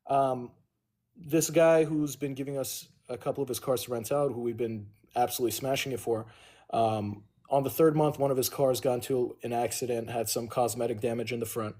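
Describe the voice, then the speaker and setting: A man's voice: mid-range voice, mellow. Casual swearing man telling a long story. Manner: rambling, profane, owns his mistakes. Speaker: livestream host.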